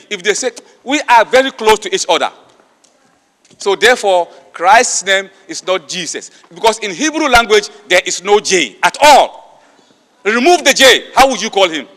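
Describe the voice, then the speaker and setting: A man's voice: high-pitched, expressive, moderate pace, fairly bright tone. A man giving an emphatic public debate speech, firing rhetorical questions at the audience. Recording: long hall reverb.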